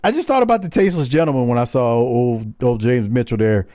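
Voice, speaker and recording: A man's voice: medium pitch, lively intonation, quick pace, warm tone, dry recording, clean studio sound. A man, a podcast co-host, chatting casually and laughing often as he brings up topics. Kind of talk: casual chat.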